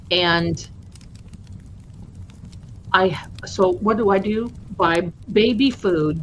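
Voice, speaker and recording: Chatty woman livestream host, slow talker. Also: mid-range voice, a little hiss or hum, low-quality recording. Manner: chatty, affectionate, calls viewers my darlings. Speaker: host of a tarot channel livestream. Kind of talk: casual livestream chat.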